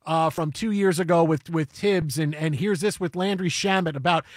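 A male radio host telling a story in animated chat, getting excitable and breaking into shouts and chants. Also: fairly high pitch, normal speed, no room sound, clean studio sound.

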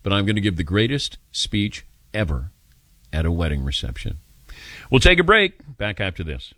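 An older man hosts a radio call-in show and chats in a casual, self-mocking way. His pitch rises and falls a lot as he tells stories. The studio mic sounds close and dry. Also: big pitch swings, moderate pace, a bit bright, dry recording. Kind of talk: casual radio talk with callers.

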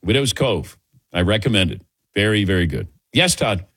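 A middle-aged man from the Midwest hosts sports radio banter, laughing easily and telling stories with a lively, swooping delivery. His voice is husky and dry. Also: fairly low pitch, normal speed, dry recording. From American Midwest. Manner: jokey, laughs easily, animated storytelling. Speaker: radio show host.

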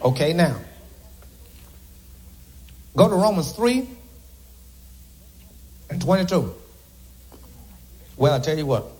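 A man's voice: on the high side, very animated, slow pace, long pauses, a little mellow, low-quality recording. A man a sermon to a congregation, folksy and joking with asides to the crowd. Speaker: preacher.

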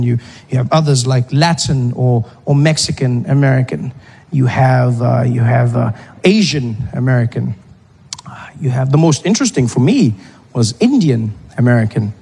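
A man's voice: medium pitch, darkish tone, breathy edge. A man with a South African accent telling a stand-up story, playful and conversational. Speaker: stand-up comedian. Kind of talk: stand-up comedy. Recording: live stand-up, long reverb.

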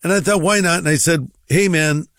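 A man's voice: on the high side, fairly quick, a bit bright, dry recording. A middle-aged male pastor telling a humorous personal story, acting out the dialogue in a dry, droll way.

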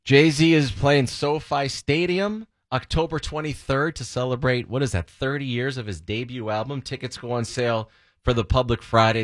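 A man's voice: medium pitch, no echo, studio quality. A man co-hosting a radio show, chatting casually and slipping in event details between stories. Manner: relaxed, plugs show info between stories. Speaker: radio co-host. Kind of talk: casual on-air banter. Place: radio studio. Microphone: studio microphone.

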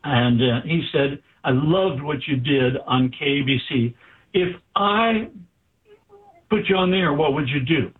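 A doctor's slightly high, somewhat rough voice carries an unhurried anecdote in an interview. He brings it to life by acting out what people said, and the audio has a tinny, telephone quality.

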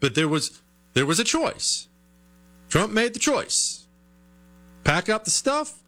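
An American man hosting an opinionated political talk show, animated and rhetorical, with mocking asides. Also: high voice, takes it slowly.

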